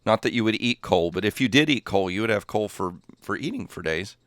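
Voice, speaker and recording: Rambling, lively low-voiced male streamer. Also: fairly quick, dry recording, studio quality. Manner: rambling, easily distracted, chuckles at himself. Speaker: gaming livestreamer. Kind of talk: casual livestream chat while playing.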